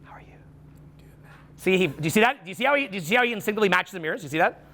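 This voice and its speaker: A man's voice: high voice, expressive, racing, pushed and bright. A man coaching a live seminar audience, playful and teasing as he banters with volunteers on stage. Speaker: social skills coach.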